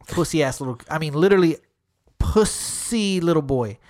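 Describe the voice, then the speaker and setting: Man in casual chat retelling a run-in, cusses freely, lots of filler words, animated delivery. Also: fairly high pitch, normal speed. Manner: heavy swearing, fillers like "literally" and "dude"; animated retelling, acting out quotes.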